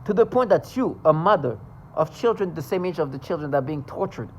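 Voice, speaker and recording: This vlogger's monologue to camera is animated and fairly quick, a raw, agitated stream in a mid-range voice that lurches from shouting to muttering and is laced with profanity. Faint background noise lingers, and the sound quality is poor.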